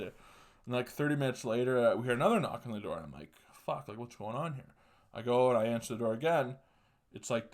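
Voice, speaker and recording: A young man hosting a solo podcast, telling a story casually, swearing constantly and laughing mid-sentence. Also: medium pitch. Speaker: podcast host.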